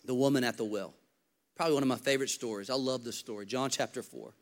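A male pastor preaching an energetic, humorous sermon, telling Bible stories and swinging from loud, high calls to hushed, intimate stretches. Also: fast.

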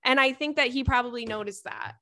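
A woman's voice: on the high side, brisk, pushed and bright, no echo. A young woman hosting a podcast in casual, chatty talk, reading listener emails aloud with lots of fillers and swearing. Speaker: podcast host.

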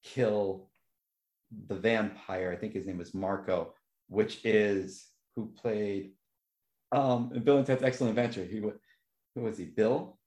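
A man chatting casually, telling stories with lively jumps into a higher voice when he quotes reactions. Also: unhurried. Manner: animated storyteller, voice jumps high for quoted reactions. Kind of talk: casual chat. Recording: echoey room.

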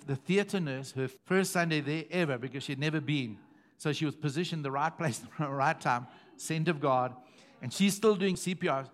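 Pastor, middle-aged man, slightly high voice, preaching with repetition and sudden bursts of volume. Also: moderate pace. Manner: emphatic, repeating phrases, swings from hushed to loud. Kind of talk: sermon.

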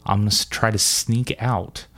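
A man's voice: on the low side, steady tone, moderate pace, a bit bright. Violet, a man voicing a bossy woman infiltrator. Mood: brisk.

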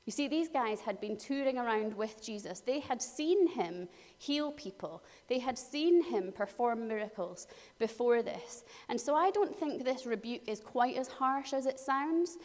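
A woman preaching a sermon, telling the story in a lively way and acting out voices. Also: fairly high pitch, unhurried, in a large hall.

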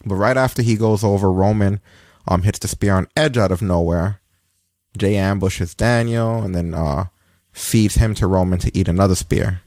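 A man's voice: normal speed, darkish tone, dry recording, studio quality. A man co-hosting a casual podcast, recapping wrestling in a rambling way with frequent fillers. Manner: rambling, swears, breaks into high laughing rants. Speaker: podcast co-host.

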